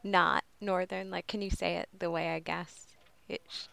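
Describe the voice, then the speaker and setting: A woman's voice: on the low side, flat delivery, normal speed, gravelly, a bit bright, dry recording. A woman guest on a podcast, chatty and laughing often as she talks about sports journalism. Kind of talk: casual chat.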